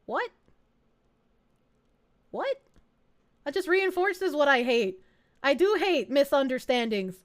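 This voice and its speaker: A woman's voice: high-pitched, very animated, takes it slowly, pauses often, no room sound, clean studio sound. A young woman streamer with a Southern US accent, chatting casually while reading chat aloud, laughing often and swearing freely. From American South. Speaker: VTuber streamer.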